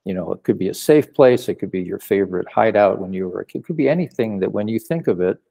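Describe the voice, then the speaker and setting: A psychotherapist speaking in a low, gravelly voice with a husky edge and a dark, mellow tone. He explains things calmly and backs up the other speaker as he goes. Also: fast. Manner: calm, explanatory, affirming. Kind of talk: casual explanatory conversation.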